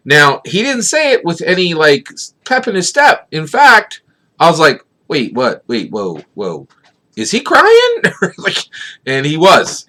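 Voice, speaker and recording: Middle-aged guy from philly, bright forceful voice, rambly vlog talk, lots of "right?". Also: medium pitch. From Philadelphia, USA. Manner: rambling, keeps asking "right?", many fillers. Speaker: tabletop gaming YouTuber. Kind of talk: casual vlog commentary.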